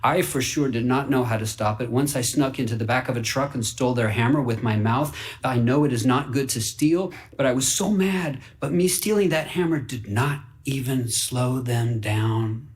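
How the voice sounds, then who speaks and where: A man reading a fable aloud for radio in an earnest, wide-eyed way, dropping to hushed whispers and rising into excited bursts. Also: mid-range voice, normal speed, hardly any pauses. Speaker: story reader.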